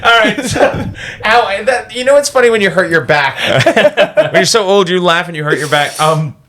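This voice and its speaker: A man's voice: sits high, expressive, moderate pace, a bit bright. A man hosting a comedy podcast in a studio, cracking up at his own jokes as he riffs. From Canada. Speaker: podcast host.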